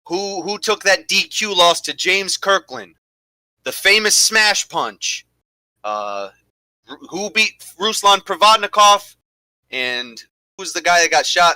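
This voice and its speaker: A man doing mock boxing commentary for a podcast, excitable and incredulous. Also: sits high, no room sound. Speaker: co-host and commentator.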